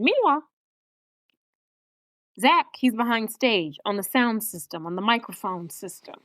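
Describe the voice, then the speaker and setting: A podcast co-host with a fairly high-pitched voice recaps a film in casual chat, speaking at a measured pace with long pauses. She tells it as animated storytelling, acting out the characters' lines.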